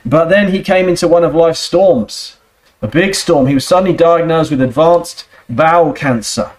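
A man's voice: on the high side, moderate pace. A man preaching a sermon with earnest emphasis and rhetorical questions, speaking.

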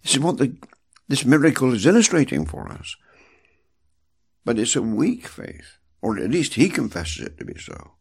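A man's voice: normal speed, vocal fry, long pauses, breathy edge. A man giving a devotional Bible talk as a preacher, emphatic and repeating words for stress. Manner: emphatic, repeats words, animated swings in pitch.

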